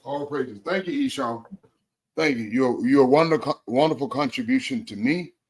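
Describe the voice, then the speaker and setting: A man's voice: mid-range voice, moderate pace, husky. Effusive male talk show host. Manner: effusive, repeats praise phrases.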